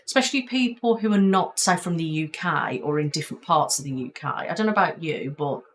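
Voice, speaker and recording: A young woman with a Midlands English accent talks quickly and emphatically in an easygoing podcast chat. Her voice sits notably low for a woman. She co-hosts the show in a loose, conversational way. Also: lively intonation. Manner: fast, chatty and emphatic. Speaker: podcast co-host. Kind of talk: casual chat.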